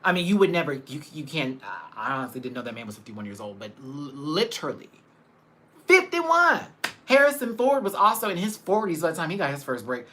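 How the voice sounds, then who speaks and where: Male streamer, animated and chatty with his audience, voice full of ups and downs. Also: fairly high pitch, fast talker, hardly any pauses. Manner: animated, chatty, laughs often; reads out and greets viewers by name. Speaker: livestream host. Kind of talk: casual live chat with viewers.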